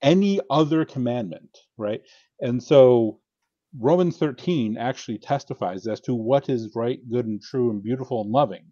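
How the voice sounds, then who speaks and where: A man's voice: mid-range voice, normal speed, mellow, no echo, highs cut off. A man who has written a book, explaining theology in an earnest, teaching way and reading scripture aloud on a podcast. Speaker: podcast guest, author. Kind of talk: casual theological discussion.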